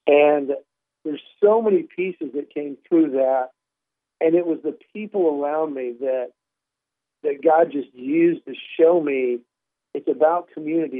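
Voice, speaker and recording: A man, a comedian guest, telling a story in an animated, wry way and acting out the dialogue. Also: a little high, a little slow, no room sound. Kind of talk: conversational storytelling. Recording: tinny phone line.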